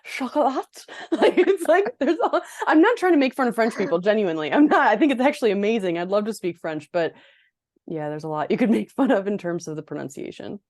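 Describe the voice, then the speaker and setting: A woman's voice: medium pitch, lively intonation, quick pace, darkish tone, no room sound. Chatty woman podcast co-host, dry sound. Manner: chatty, laughs often, restarts sentences. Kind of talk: casual chat. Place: at home on a video call. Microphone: video call.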